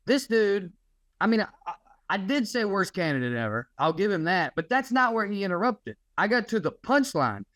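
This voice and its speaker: A slightly high-pitched man, a comedian, spins a profane, animated story about a heckler on a podcast. He talks loosely and swears freely. The close mic gives a dry sound with no room echo. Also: moderate pace. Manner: profane, animated retelling of a stand-up gig. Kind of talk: casual storytelling chat.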